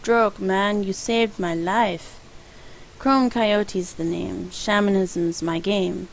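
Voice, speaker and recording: A man's voice: high voice, steady tone, takes it slowly, creaky, slight background noise, exaggerated voice, poor audio. A woman reading as a cryptic male street shaman. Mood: solemn.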